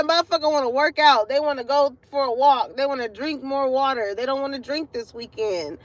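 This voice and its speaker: A woman with a slightly high voice reads tarot cards for her audience from a parking lot. She keeps it loose and conversational, peppering the reading with curses and frequent laughter. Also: normal speed, no room sound. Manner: chatty, profane, laughs often. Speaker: tarot card reader. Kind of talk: casual spiritual reading to viewers.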